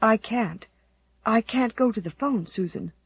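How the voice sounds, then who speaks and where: A woman's voice: fairly high pitch, measured pace, breathy edge, dry recording, highs cut off, full character voice. A woman voicing an anxious young mother in an audiobook, speaking with strained composure. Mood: shaken. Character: anxious young mother trying to stay calm. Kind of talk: audiobook character voice.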